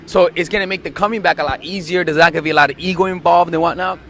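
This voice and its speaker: A man's voice: high voice, fairly even intonation, racing, fairly bright tone, a little hiss or hum. A young man coaching on dating, blunt and profane, acting out quoted lines. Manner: profane, emphatic, acts out quotes. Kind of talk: blunt dating advice monologue.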